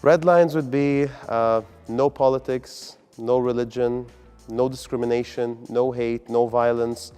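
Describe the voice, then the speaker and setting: A man's voice: mid-range voice, steady tone, unhurried, warm tone, clear, resonant tone, soft background music. A man from the UAE, a comedian answering interview questions in an upbeat, earnest way. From United Arab Emirates. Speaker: comedian and guest.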